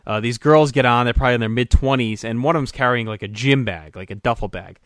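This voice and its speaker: A man co-hosting a podcast, animated as he tells a story and laughs along with it. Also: medium pitch, fast talker, no room sound, clean studio sound. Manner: animated, laughs through his own story. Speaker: podcast co-host. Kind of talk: casual storytelling chat.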